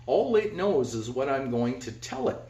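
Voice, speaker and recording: A man's voice: mid-range voice, big pitch swings, moderate pace. A man giving a casual guitar lesson at home, talking bluntly and rambling, humming notes as he plays. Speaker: guitar teacher. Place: home garage. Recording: roomy, dull lo-fi with loud guitar. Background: electric guitar playing.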